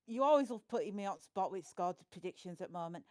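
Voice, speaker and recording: A woman's voice: medium pitch, expressive, fast talker, darkish tone, no room sound, studio quality. A woman with a Yorkshire accent chatting casually as a podcast regular, blunt and jokey. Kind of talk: casual chat.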